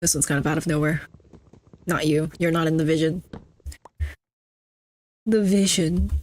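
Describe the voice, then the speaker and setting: A woman's voice: low-pitched, little pitch movement, brisk, a little mellow. A young adult woman streaming a game, chatting casually and teasing her chat with mock-snobby banter. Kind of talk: casual live-stream chatter while gaming.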